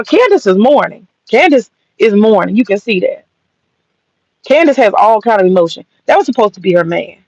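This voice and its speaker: A woman's voice: on the high side, a little mellow, dry recording. A woman ranting bluntly and mockingly, profane and sassy. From American South. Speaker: commentator. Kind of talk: profane opinion rant. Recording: dull lo-fi dry sound.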